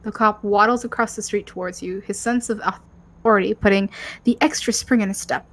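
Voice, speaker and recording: A woman's voice: medium pitch, fairly even intonation, a little fast, fairly bright tone. Woman reading game narration aloud. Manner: stumbles over words, laughs often. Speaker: co-host reading a story game.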